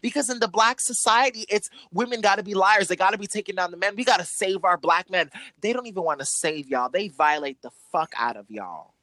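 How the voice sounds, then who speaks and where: A woman's voice: mid-range voice, quick pace, few pauses, fairly bright tone, no echo. A woman in a heated, profane casual chat, ranting angrily as a co-host.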